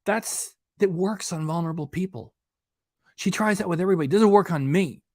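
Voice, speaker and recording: A man with a high voice hosts a reaction channel, talking fast in a casual commentary rant. Indignant and emphatic, he hammers home his points, and the recording is dry with clean studio sound.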